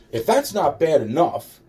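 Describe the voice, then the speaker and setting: A man's voice: fairly high pitch, mellow, distant mic. A man telling a rambling, profane personal story with sarcastic asides.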